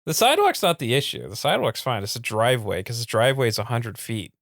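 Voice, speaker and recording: A relaxed man chatting on a podcast, his pitch lively and animated as he tells stories. The sound is dry and close on the mic. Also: fast talker, no echo. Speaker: podcast co-host. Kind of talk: casual chat.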